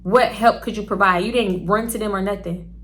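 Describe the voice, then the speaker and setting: A young woman vlogger telling a story in a blunt, profane, animated way. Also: mid-range voice, a little fast, a little hiss or hum. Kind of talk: casual storytelling.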